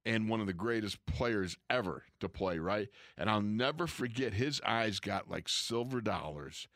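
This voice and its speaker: Lower-voiced man telling football stories. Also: measured pace, no room sound, studio quality. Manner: animated storyteller, acts out quoted coaches and players. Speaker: former pro football player, co-host. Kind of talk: casual storytelling chat.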